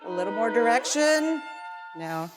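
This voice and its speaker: Woman, violin masterclass teacher, animated pitch, short cues, singing demonstrations, violin and piano playing loudly underneath. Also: measured pace. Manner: encouraging, sings phrases to demonstrate. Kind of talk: coaching over live playing.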